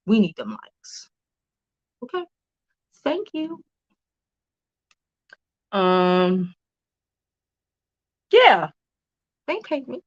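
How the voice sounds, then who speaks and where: A woman's voice: high voice, big pitch swings, takes it slowly, long pauses, a bit bright, dull audio. A woman hosting a casual celebrity news livestream, chatty, laughing often and cursing freely.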